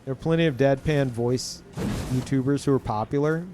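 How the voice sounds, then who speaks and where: A man talking casually to his live-stream chat, who calls his own voice monotone. He rambles with many fillers and restarts and swears often. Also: mid-range voice, normal speed, over music. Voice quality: self-described monotone.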